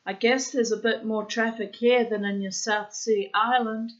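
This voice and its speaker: A woman reading aloud and voicing a jovial businessman father, speaking louder and brighter for him. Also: a little high, steady tone, normal speed, dull audio, close to an everyday voice. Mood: hearty. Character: hearty older businessman father.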